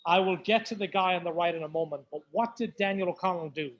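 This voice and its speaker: High-voiced Irish man hosting a tasting. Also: fast talker, dull audio. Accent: Irish, Mayo. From Ireland (County Mayo). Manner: chatty storyteller, loose asides to the group. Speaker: whiskey tasting host. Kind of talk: casual hosted tasting talk. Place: pub, live tasting event.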